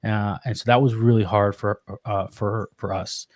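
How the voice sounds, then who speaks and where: Man, thirties, podcast guest, animated storytelling, dry recording. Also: fairly low pitch, normal speed, no room sound. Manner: animated, laughs often, acts out quoted voices. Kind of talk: storytelling in casual conversation.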